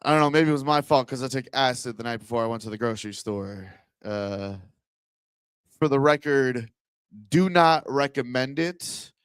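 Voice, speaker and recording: A man's voice: mid-range voice, normal speed, smooth, no echo, studio quality. A man doing a stand-up comedy set in a club, chatting with the crowd, rambling and laughing at his own jokes.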